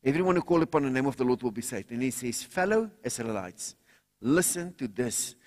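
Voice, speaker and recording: Male pastor, fervent sermon delivery with loud cries and soft asides, reverberant hall. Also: lively intonation, a little fast. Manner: fervent preaching, sudden loud cries then quiet low asides; calls for congregation responses.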